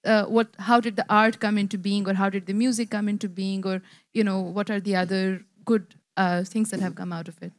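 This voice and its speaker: A woman answers in a friendly, casual way at a middle pitch, filling her pauses with ums. The recording is dry, with no room echo. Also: fairly even intonation. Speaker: participant.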